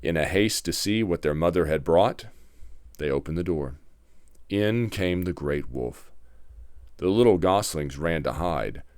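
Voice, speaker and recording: A man narrating a fairy tale in a measured, dramatic storybook reading. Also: low voice, darkish tone, smooth, dry recording, clean studio sound.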